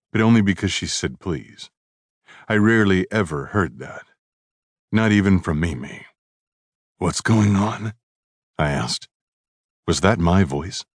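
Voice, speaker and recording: A man's voice: sits low, no echo. A man narrating a novel in the first person with a dry, sardonic manner. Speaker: audiobook narrator.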